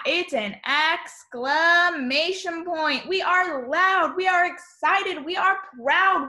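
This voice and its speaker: A young woman teaching small children over a video call, her cheerful, sing-song voice sitting a little high and sounding bright and clear. She takes her time, spelling words out letter by letter. It has the plain sound of a computer mic. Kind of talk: online class lesson for young children.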